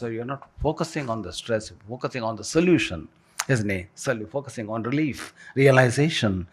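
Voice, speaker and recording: Man, mid-pitched voice, keynote speaker who leads the room in call-and-response, halting, restart-heavy delivery. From India. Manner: leads the audience in repeating phrases, with frequent restarts. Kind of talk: inspirational talk to a live audience. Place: university event hall.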